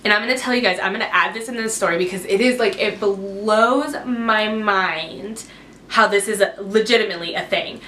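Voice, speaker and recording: A woman's voice: mid-range voice, moderate pace, bright, forceful tone. A woman in her twenties telling a personal story to her camera, rambling and full of "like" and "um". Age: 20s. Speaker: vlogger. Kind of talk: casual story time. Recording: echoey room.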